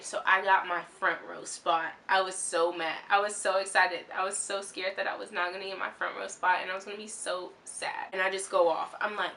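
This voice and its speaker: A young woman telling a story to her vlog viewers in a rambling, excitable way, with lots of fillers and restarts. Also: medium pitch, brisk, gravelly, few pauses. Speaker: vlogger.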